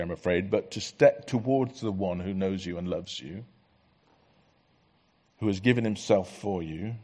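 A man delivers a sermon in a church, talking to the congregation in an earnest, conversational way. His voice sits on the low side and has a husky edge, and he often lets a phrase fall away to something softer. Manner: earnest, conversational preaching with soft dropping asides. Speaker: preacher.

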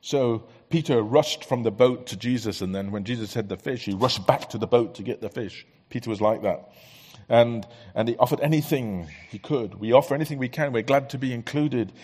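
A man preaching a sermon in a church, earnest and conversational, letting many lines drop soft. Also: mid-range voice, brisk, breathy edge.

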